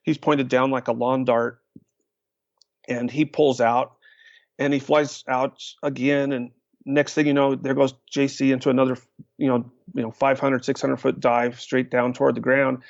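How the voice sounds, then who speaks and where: An older man tells stories as a podcast guest, his voice gravelly and steady at a mid pitch. He acts out the quotes and fills gaps with uh. The recording sounds dry and dull. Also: moderate pace, no echo. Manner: lively storyteller, acts out quotes, many uh fillers. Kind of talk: storytelling in a podcast interview.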